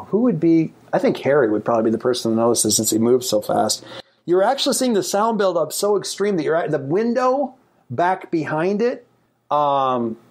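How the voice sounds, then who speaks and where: A man running a tabletop game as game master, animated and thinking aloud with many fillers. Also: fairly high pitch.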